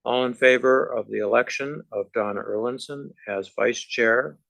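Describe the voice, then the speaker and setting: A man chairing a formal board meeting, running the votes in a relaxed, procedural way. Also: medium pitch, moderate pace, gravelly, no room sound, low-quality recording.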